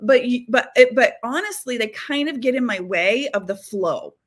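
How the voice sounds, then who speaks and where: A woman guest on a talk show, a psychic medium telling stories in a chatty, animated way full of fillers. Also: on the high side, moderate pace. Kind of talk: casual storytelling conversation.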